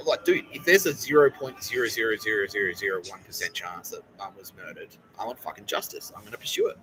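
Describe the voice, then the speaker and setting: Bright-voiced, swearing Australian man. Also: lowish voice, fast talker, few pauses, slight background noise, low-quality recording. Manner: rambling, profane, heated. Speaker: podcast host. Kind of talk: casual monologue.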